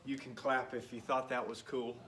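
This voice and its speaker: A man's voice: medium pitch, little pitch movement, moderate pace, a bit bright, slight background noise. A man who is a PE coach, counting reps and encouraging his class while doing the workout himself. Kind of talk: workout instruction video. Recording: echoey room picked up from a distance.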